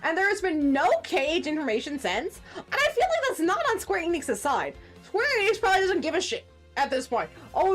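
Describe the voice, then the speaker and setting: A woman in her forties streaming a game, chatting casually and ranting with profane, animated outbursts. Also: very high-pitched. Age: 40s. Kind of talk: casual gaming stream chat.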